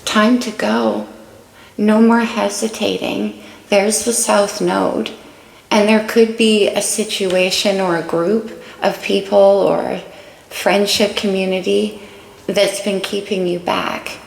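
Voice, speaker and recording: A woman does a casual tarot reading, chatting warmly about each card as she draws it. Her creaky, mid-range voice stays level and slow. The room is echoey, with faint background noise.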